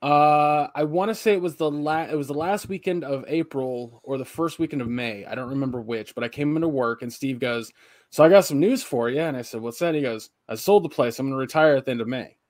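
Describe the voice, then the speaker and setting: A man's voice: medium pitch, a little fast, few pauses, no room sound, clean studio sound. Profane rambling young man telling stories. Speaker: podcast co-host. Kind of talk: casual chat.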